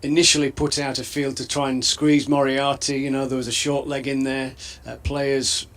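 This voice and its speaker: Measured male cricket co-commentator. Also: medium pitch, flat delivery, a bit bright. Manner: thoughtful, measured, with fillers. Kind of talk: live cricket analysis.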